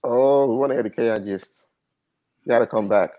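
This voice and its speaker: A man's voice: mid-range voice, brisk, muffled recording. Laid-back man who laughs easily. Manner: laughs often, hesitant restarts. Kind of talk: casual group discussion.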